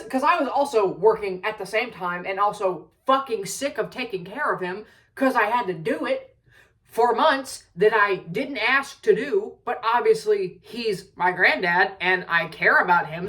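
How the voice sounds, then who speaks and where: A woman's voice: mid-range voice, a bit bright, distant mic, low-quality recording. Young woman ranting, heavy swearing. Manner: heavy swearing, exasperated, rambling asides. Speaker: vlogger. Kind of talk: casual storytelling rant.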